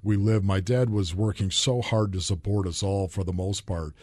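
A low, husky man's voice from Buffalo, New York, belonging to a former football player telling personal stories as a podcast guest. He speaks earnestly and lets his emotion show openly. The sound is dry and close. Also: steady tone, moderate pace, darkish tone, no room sound. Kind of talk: candid personal storytelling.

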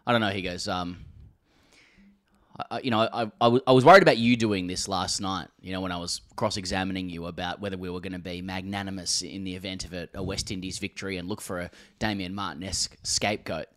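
An Australian man riffs on cricket in a low voice, stumbling over restarts and breaking into laughter. His talk is loose, chatty and a little sweary. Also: steady tone, fast talker, a bit bright. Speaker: podcast co-host. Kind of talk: casual cricket chat.

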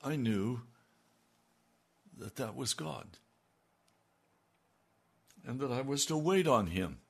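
An older man preaching a sermon, slow and emphatic, with a gravelly voice. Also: mid-range voice, animated. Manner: slow and emphatic, rising in intensity when quoting God.

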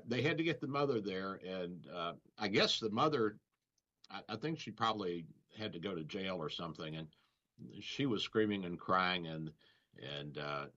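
A man's voice: lowish voice, sharp tone. A man hosting a radio show as a doctor, in casual banter, rambling and telling stories with chuckles. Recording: dull lo-fi radio audio.

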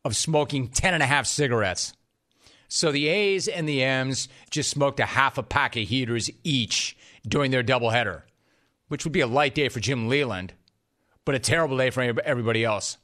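Delivering a lively, sarcastic monologue with joking asides, a man hosts a sports talk program in the studio. His pitch is medium.

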